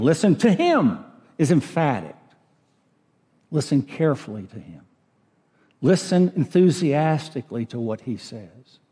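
A man preaching a sermon as pastor, slow and deliberate, rising to emphatic peaks. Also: mid-range voice, mellow. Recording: reverberant church hall.

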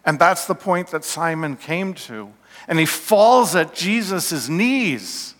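Man preaching in a big church, slow and emphatic, long echo, goes hushed sometimes. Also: on the high side, lively intonation. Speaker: pastor. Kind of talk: sermon. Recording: long reverb of a hall.

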